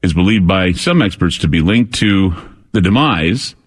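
A man's voice: sits low, expressive, normal speed. A man hosting a late-night call-in radio show from a studio, talking in a loose, rambling way with plenty of fillers and restarts. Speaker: radio talk show host. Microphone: studio microphone.

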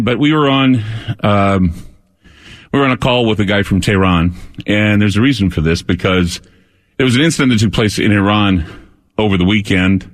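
A man hosting a late-night call-in radio show from a studio, talking in a loose, rambling way with plenty of fillers and restarts. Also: on the low side. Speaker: radio talk show host. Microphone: studio microphone.

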